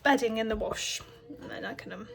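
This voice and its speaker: A woman's voice: a little high, a little fast, creaky, slight background noise. A woman, a homemaker and mother, chatting casually at home in a vlog, tired and rambling with plenty of ums.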